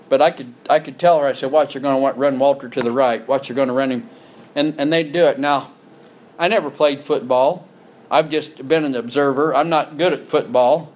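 A man preaching a sermon as a pastor, talking plainly and building to emphatic points. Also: fairly high pitch. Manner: conversational preaching, rising to emphatic.

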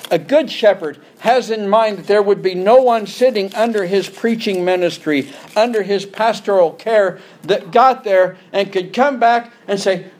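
A man with a high, darkish voice preaches a sermon as a pastor. He speaks plainly and conversationally, then rises to emphatic points.

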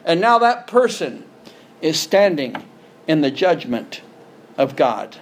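A man's voice: a little high, big pitch swings, slow pace. A man preaching a sermon as a pastor, talking plainly and building to emphatic points. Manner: conversational preaching, rising to emphatic.

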